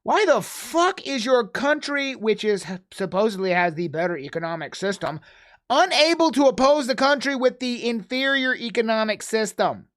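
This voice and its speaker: An American streamer ranting angrily into a desk microphone while reacting to a video, cursing freely and swinging between loud outbursts and low mutters. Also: female voice, expressive, moderate pace. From United States. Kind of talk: angry casual rant.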